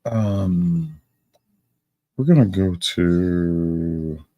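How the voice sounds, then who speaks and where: A man's voice: low voice, very slow, no echo, dull audio. A man hosting a live stream, chatting casually and reacting with loose, profane remarks. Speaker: stream host.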